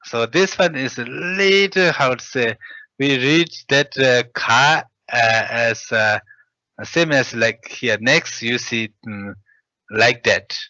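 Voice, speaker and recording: A male language teacher works through syllables one at a time, halting and patient. His voice is bright and his pace very slow. The recording is dry and a little muffled. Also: mid-range voice, no room sound. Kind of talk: spelling out syllables in a lesson. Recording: dull lo-fi sound.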